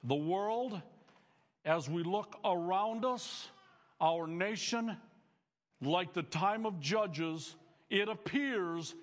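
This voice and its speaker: A man's voice: high-pitched, extremely slow, long pauses, long reverb tail. A male pastor preaching a sermon to students, earnest and emphatic, building phrases up as he speaks.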